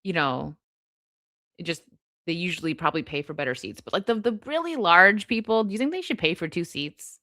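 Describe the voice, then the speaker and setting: A young woman hosting a live stream, reading chat and chatting casually, laughing often with quick asides. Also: fairly low pitch, animated, bright, forceful tone, no room sound, studio quality.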